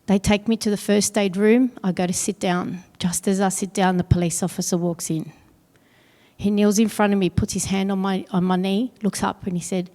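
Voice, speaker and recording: A middle-aged woman telling a personal story on stage at an awards event, earnest and pausing heavily. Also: medium pitch, steady tone, dark tone. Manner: earnest, heavy pauses, quotes others in dialogue. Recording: long hall reverb.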